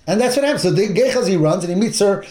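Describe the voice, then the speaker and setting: A man with a high-set voice teaches a Torah class, bringing the Bible story to life. He acts out the characters' lines and drops in Hebrew terms as he goes. The room gives his voice a noticeable echo. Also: quick pace. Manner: animated retelling with acted-out quotes and Hebrew terms. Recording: roomy echo.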